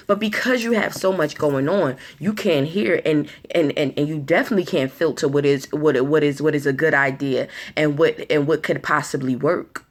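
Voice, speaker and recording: A woman giving an earnest motivational talk, repeating herself and restarting words as she goes. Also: low-pitched. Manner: acts out anxious inner voices in quick asides. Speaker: motivational speaker.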